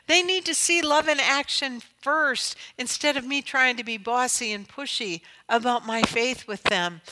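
Bright-toned middle-aged lady preaching at a conference, earnest, gets loud and emphatic. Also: rough recording. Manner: storytelling, earnest, swells to emphatic highs. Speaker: conference speaker. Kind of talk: inspirational talk.

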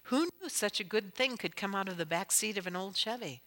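A middle-aged woman delivering a sermon, telling stories and rising to loud, impassioned exhortation. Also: medium pitch, a little fast. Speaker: Christian speaker. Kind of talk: sermon with storytelling. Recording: long hall reverb.

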